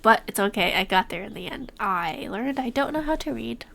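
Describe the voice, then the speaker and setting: A young woman, chatting casually while streaming a game. She talks in a lively way and reads game text aloud. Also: on the high side, normal speed, creaky, a little hiss or hum. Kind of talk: casual gameplay chat.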